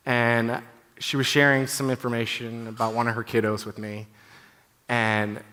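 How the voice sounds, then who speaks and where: A man in his thirties addresses a conference audience, candid and heartfelt, talking casually at a middle pitch. His voice carries a long reverb from a large hall. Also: flat delivery, moderate pace, sharp tone. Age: 30s. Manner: candid, heartfelt, conversational with many "you know"s. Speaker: conference speaker. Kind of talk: personal testimony talk.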